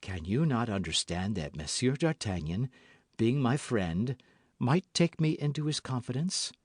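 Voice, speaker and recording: A man voicing a scheming noblewoman who speaks in a smooth, guarded, falsely warm way. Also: medium pitch, sing-song, unhurried, no echo, studio quality. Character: scheming noblewoman, cold, cunning, falsely sweet.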